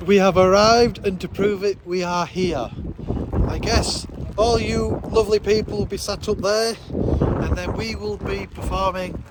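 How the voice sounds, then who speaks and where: A man's voice: high voice, steady tone, measured pace, noisy background. A man casually vlogging outdoors as a monster truck driver, chatty and wryly self-mocking, recorded on a handheld camera. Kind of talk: casual travel vlog. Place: outdoors at a show site and on a ferry.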